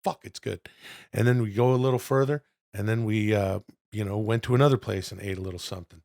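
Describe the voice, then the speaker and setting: A middle-aged man co-hosting a podcast, telling loud, profane stories with bursts of excitement. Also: fairly low pitch, fast, no room sound, studio quality. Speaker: podcast co-host. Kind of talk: casual podcast chat.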